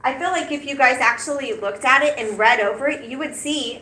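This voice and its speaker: Woman, teacher, brisk and direct, heard from across a classroom, steady background noise. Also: sits high. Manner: brisk, direct, checks in with "okay?". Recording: roomy and noisy classroom, picked up from a distance.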